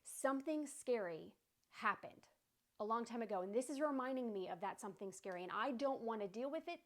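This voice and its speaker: A woman in her thirties hosting a podcast on emotional healing, talking in a casual, reassuring way and checking in with "okay?" and "right?". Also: on the high side. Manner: conversational, reassuring, many "okay?" and "right?" asides. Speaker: podcast host. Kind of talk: casual self-help talk.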